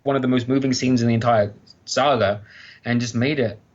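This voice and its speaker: A man in his thirties, a guest author chatting casually on a podcast, animated and enthusiastic as he tells stories. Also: mid-range voice, a little fast, dull audio. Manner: enthusiastic, animated storytelling with mock exclamations.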